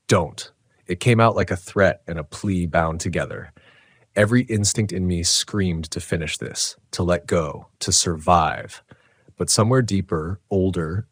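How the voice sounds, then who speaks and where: A man reading a scripted first-person horror story, low and tense, with dramatic pauses. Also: no room sound. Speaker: narrator.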